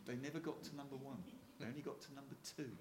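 A man's voice: medium pitch, fairly even intonation, fast, roomy sound, heavy background noise. Older Hampshire man telling stories. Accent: Hampshire English. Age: 60s. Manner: chatty storyteller with frequent restarts and chuckles. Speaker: retired Royal Marine speaker. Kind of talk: anecdotal talk to an audience.

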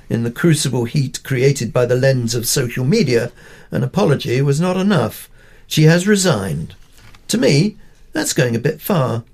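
A man's voice: a little high, a little mellow. An older man from Pakistan reading his own opinion column aloud, with wry, dry humour. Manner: wry, dryly humorous storytelling.

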